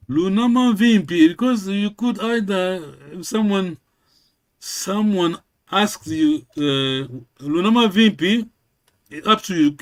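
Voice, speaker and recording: A man teaching a language lesson, patiently correcting and repeating with many fillers. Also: fairly high pitch.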